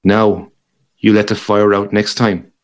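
A man's voice: on the low side, level tone, a little slow, natural voice. A man voicing a bad-tempered, bullying father who barks harsh orders. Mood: vicious.

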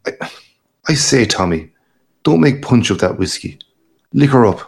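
A man's voice: mid-range voice, lively intonation, normal speed, gravelly, a little mellow, pitched above the performer's own voice. A man reading aloud, voicing a boastful, worldly middle-aged man with a hearty, patronizing manner. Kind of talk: audiobook character reading.

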